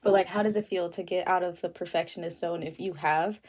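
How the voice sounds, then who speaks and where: Chatting casually while she draws on an art livestream, a young woman fills her talk with fillers and laughs often. She speaks a little fast in a fairly low, darkish voice with fairly even intonation, and faint music plays in the background.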